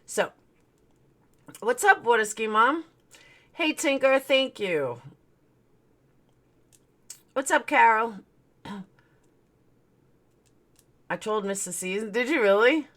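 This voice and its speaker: A woman's voice: fairly high pitch, animated, slow, long pauses, fairly bright tone. A woman hosting her own livestream, chatting casually and joking as she greets viewers by name. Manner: greets chat viewers one by one; chatty, joking, laughs at herself. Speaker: livestream host.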